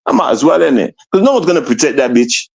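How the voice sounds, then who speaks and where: A man's voice: big pitch swings, fast talker, vocal fry, slightly rough. Mocking British man on a rant. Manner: mocking, confrontational, swings between raised and low muttered delivery. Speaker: streamer. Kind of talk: ranting livestream monologue.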